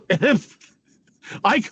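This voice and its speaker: Brash storytelling man, slightly high voice. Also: expressive, very slow, a bit bright, slightly rough, dry recording. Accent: Canadian. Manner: swearing, laughing, acts out quotes. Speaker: podcast guest, former pro hockey player. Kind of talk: casual storytelling.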